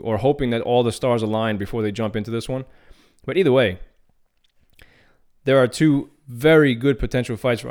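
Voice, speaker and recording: Talking MMA news by himself on his podcast, the man is casual and full of opinions, occasionally starting a thought over. His mid-range voice has a darkish, clear, resonant tone.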